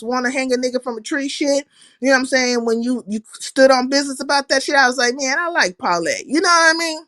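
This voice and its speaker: A woman's voice: high voice, fairly bright tone, dry recording. A woman hosting a casual livestream, talking animatedly, cursing freely and greeting viewers by name. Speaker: livestream host.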